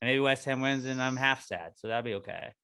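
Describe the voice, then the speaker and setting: A man's voice: mid-range voice, brisk, sharp tone, clear, resonant tone. An American man hosting a podcast, chatting loosely and plugging the show. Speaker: podcast host. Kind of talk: casual chat.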